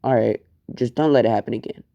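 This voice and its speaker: A practical female healer, dry and matter-of-fact, as a man voices her. The tone is mellow and gravelly, with no room sound. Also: medium pitch, quick pace, dry recording, dull audio, lightly acted.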